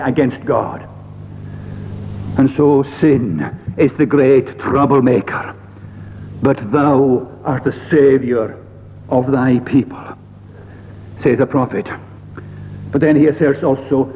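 Male preacher, slow and measured, mellow tone, dull lo-fi recording with long hall reverb. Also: mid-range voice, a little hiss or hum. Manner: slow, measured delivery with frequent "uh" pauses and archaic scripture phrasing. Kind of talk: sermon.

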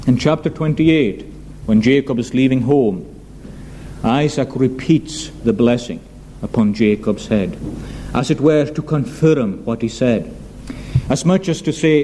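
A man preaching a sermon in an earnest, measured way, addressing the congregation as his friends. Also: medium pitch, warm tone, slight background noise, low-quality recording. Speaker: pastor.

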